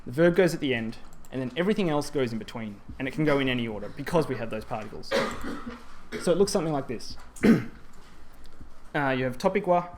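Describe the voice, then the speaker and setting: A man's voice: mid-range voice, lively intonation, fast talker, noisy background. A man presenting at a language teaching symposium, explaining grammar in a conference talk with frequent ums and self-corrections.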